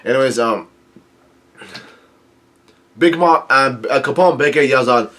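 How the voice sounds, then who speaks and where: A man's voice: mid-range voice, a little slow, pauses often, a bit bright. A man casually talking through a comic chapter, rambling and chuckling, with many filler sounds and restarts. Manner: chuckles often while talking. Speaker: manga chapter reviewer.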